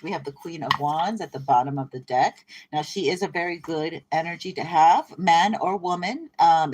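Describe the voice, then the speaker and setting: A woman reading tarot cards in a casual, rambling way. Her voice sits a bit low. She is irreverent and breaks into laughter often. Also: slightly rough. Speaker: tarot reader. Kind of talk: casual spiritual card reading.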